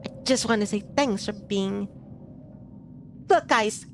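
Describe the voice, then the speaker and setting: A woman's voice: on the high side, a little slow, slight background noise. A woman streaming a game, chatting casually and playfully, reacting aloud to what happens on screen.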